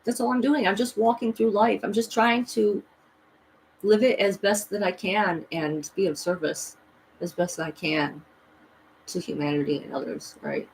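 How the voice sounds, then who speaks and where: A woman's voice: mid-range voice, steady tone, moderate pace, a little hiss or hum, poor audio. A woman vlogging a rambling, emphatic personal story, full of restarts and voices she quotes. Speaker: spiritual vlogger.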